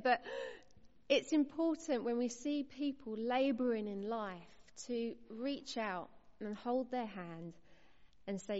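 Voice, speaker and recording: A woman preaching a sermon, earnest and encouraging, her voice sitting a little high. She speaks in measured phrases with pauses. The recording is slightly muffled, with a long reverb from a large hall. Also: a little mellow.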